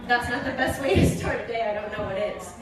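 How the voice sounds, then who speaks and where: A woman's voice: fairly high pitch, fairly quick, very noisy. A woman in her thirties giving a chatty talk on stage, a little out of breath, with laughing asides. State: winded. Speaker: speaker presenting products on stage. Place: stage in a large hall. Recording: roomy hall sound from a distant mic.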